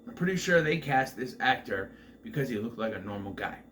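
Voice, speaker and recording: Lively rambling man reviewing a movie. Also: medium pitch, brisk, a little hiss or hum. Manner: rambling, offhand, swears freely. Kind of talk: casual spoiler review.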